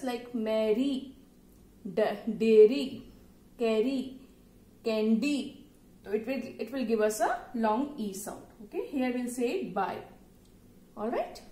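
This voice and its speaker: A woman's voice: on the high side, darkish tone. A woman with an Indian English accent teaching phonics to young children, patiently spelling out words letter by letter. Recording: echoey room, faint background noise.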